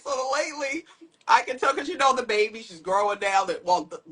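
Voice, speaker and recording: A woman in her thirties co-hosting a casual chat, sassy and animated, breaking into loud outbursts as she tells stories. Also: on the high side, fairly quick, husky. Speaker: podcast co-host.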